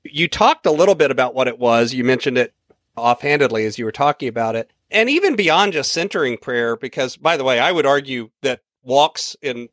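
A man's voice: mid-range voice, animated, brisk, fairly bright tone, no echo. A man hosting a podcast interview, reassuring his guest and asking thoughtful questions with many restarts. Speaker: podcast host. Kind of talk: interview conversation.

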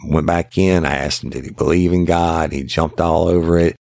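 Very deep, gravelly storyteller man. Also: fairly even intonation, moderate pace, darkish tone, dry recording. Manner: rambling, repeats himself, tags every quote with "I said". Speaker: podcast host and former investigator. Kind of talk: casual true-crime storytelling.

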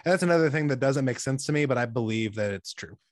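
Lively young man in casual movie chat. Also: mid-range voice, fast, no room sound, clean studio sound. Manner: animated, mimics characters mid-story.

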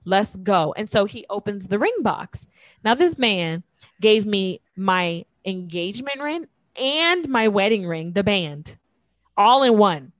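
A woman in her thirties telling a personal story in casual chat, acting out quoted lines with lively jumps in pitch. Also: takes it slowly, no echo. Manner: animated, acts out quotes with big pitch jumps.

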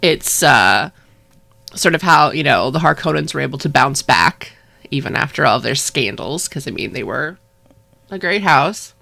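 Low gravelly woman chatting on a podcast. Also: sing-song, moderate pace, bright, forceful tone. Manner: rambling with fillers and laughs. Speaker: podcast co-host. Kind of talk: casual chat.

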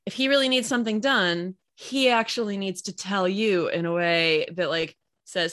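A woman's voice: medium pitch, normal speed, hardly any pauses, no room sound, studio quality. A woman talking casually as a guest, acting out quoted lines and laughing now and then. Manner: expressive, quotes herself and others, laughs. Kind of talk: casual chat.

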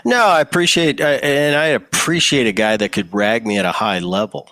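This interview guest, a man who used to play baseball, spins easygoing stories and keeps restarting as he goes. He has a mid-range voice at a moderate pace, with no room sound.

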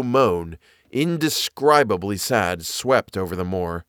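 A man narrating a classic novel as an audiobook reader, with an expressive, dramatic delivery. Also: medium pitch, measured pace, no room sound, clean studio sound.

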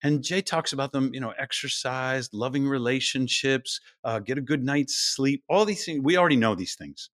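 A middle-aged man, a podcast guest, explaining things in a lively interview style and now and then acting out quoted voices. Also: mid-range voice, moderate pace, hardly any pauses, no echo, studio quality.

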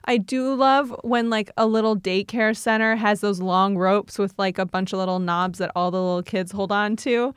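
A woman's voice: medium pitch, steady tone, moderate pace, few pauses, clear, resonant tone, no room sound, studio quality. A woman co-hosting a comedy podcast, chatting in a playful, wry way. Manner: playful, wry, chatty with laughs between lines. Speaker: podcast co-host. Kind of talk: casual comedic banter.

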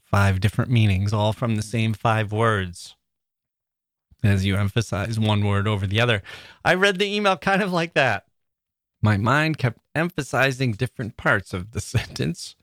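A man's voice: fairly low pitch, expressive, moderate pace, a bit bright, dry recording, clean studio sound. A man hosting a literature podcast in a reflective, wry, conversational way, chuckling now and then. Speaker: podcast host.

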